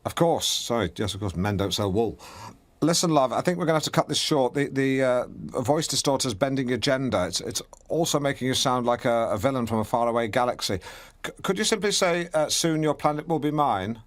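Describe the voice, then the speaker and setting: A man's voice: medium pitch, animated, a little fast, lightly acted. An actor playing a pompous, awkward middle-aged local radio host who fumbles, restarts and corrects himself as he chats on air. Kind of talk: comedy radio show banter.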